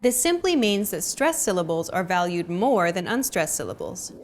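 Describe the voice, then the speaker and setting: Lively woman hosting a language lesson. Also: on the low side, normal speed. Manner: clear, explanatory. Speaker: lesson host.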